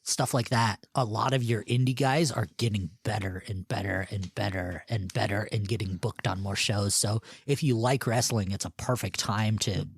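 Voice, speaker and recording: A man's voice: fairly low pitch, steady tone, moderate pace, hardly any pauses, breathy edge, no echo. A man hosting a podcast, chatting casually in a rambling, playful way. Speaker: podcast host. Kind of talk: casual chat.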